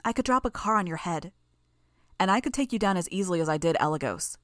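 A woman's voice: lowish voice, lively intonation, fast, no room sound, studio quality, close to an everyday voice. A woman voicing a wary young heroine who speaks tensely and carefully, in an audiobook reading. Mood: guarded.

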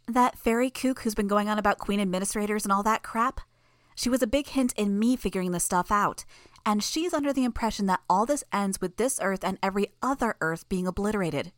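A woman voicing a sarcastic, sharp-witted young woman in a fan audiobook. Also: medium pitch, no echo, clean studio sound, pitched above the performer's own voice, lightly acted. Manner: sarcastic, quick. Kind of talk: audiobook character voice.

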